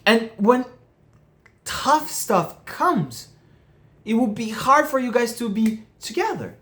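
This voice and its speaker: A man with a very high, bright, pushed voice gives earnest relationship advice in a casual monologue to camera. Though very animated, he takes things slowly and keeps asking "you get what I mean?" to check that the listener is following.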